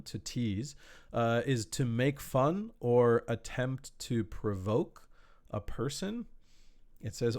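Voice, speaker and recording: Slow, patient male English teacher. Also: mid-range voice, darkish tone, smooth. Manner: slow, patient explaining with simple examples. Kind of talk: online language lesson. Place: indoor room, warm. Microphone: speaking to a camera.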